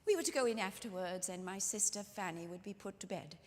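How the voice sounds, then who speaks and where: Long hall reverb fills this live church-hall recording of a woman storyteller. Speaking fairly quickly at medium pitch, she relates a first-person life story in character, dramatically and intimately, talking right to the audience.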